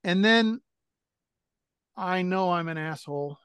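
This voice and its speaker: Middle-aged guy on a podcast, kinda high voice, dry sound, swears a lot and mocks himself. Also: takes it slowly, a bit bright, clear, resonant tone, no echo. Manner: blunt, profane, self-deprecating storyteller. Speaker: podcast co-host. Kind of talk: casual chat.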